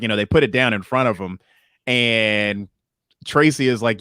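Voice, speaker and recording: A male podcast co-host in casual chat, telling an animated story and acting out the voices of the people in it. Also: mid-range voice, normal speed, clean tone, no room sound, clean studio sound.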